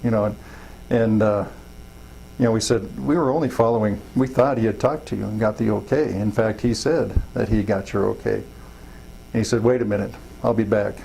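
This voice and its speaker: A man's voice: fairly low pitch, fairly even intonation, fairly quick, creaky, mellow, slight background noise, low-quality recording. A middle-aged man telling folksy, rambling stories in an interview, full of fillers and acted-out quotes. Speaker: interviewee, wildland fire chief. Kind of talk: casual storytelling interview.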